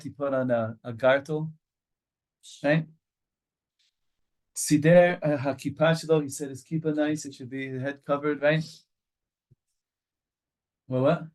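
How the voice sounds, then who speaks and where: Rabbi reading and translating a Hebrew text. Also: male voice, mid-range voice. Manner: reads Hebrew lines aloud, then translates them into English; animated storyteller, with repetitions and restarts. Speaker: rabbi teaching a study group. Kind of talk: Torah study lecture.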